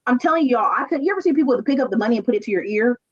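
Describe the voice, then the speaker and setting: Woman rambling through stories, kinda high voice, muffled dry mic. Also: husky. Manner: animated storytelling, quick asides. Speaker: streamer telling stories. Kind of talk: casual chat.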